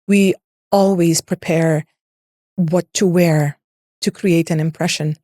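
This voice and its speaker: A woman's voice: on the low side, fairly even intonation, slow pace, dark tone, no echo, clean studio sound. A woman voice coach explaining ideas in an interview, in an instructive way that uses lists and rhetorical questions. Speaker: voice and public speaking coach.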